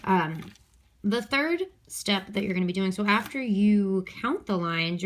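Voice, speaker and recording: A woman teacher giving a recorded review lesson, explaining step by step with frequent fillers and "okay?" check-ins. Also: on the low side.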